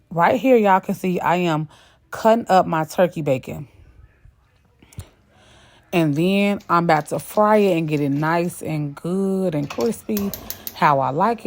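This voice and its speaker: A woman's voice: on the low side, measured pace. A woman hosting a cooking video, talking casually over the footage, chatty and sassy, calling her viewers y'all.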